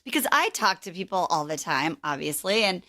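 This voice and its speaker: A woman's voice: lowish voice, sing-song, fairly quick, pushed and bright, no room sound, studio quality. A woman hosting a podcast, talking frankly and casually with plenty of fillers and the odd swear. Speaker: podcast host. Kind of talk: casual interview chat.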